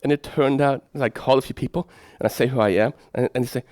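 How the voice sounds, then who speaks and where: A middle-aged man, giving a lecture as a professor, telling lively anecdotes and putting rhetorical questions to his audience. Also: mid-range voice, fast talker, no echo, studio quality. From Sweden.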